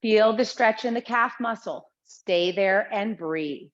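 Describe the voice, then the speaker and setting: A woman teaching a chair exercise class, calmly and steadily cueing each breath and movement. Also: medium pitch, takes it slowly. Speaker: Pilates instructor. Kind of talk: guided exercise class instruction. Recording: slightly dull lo-fi sound.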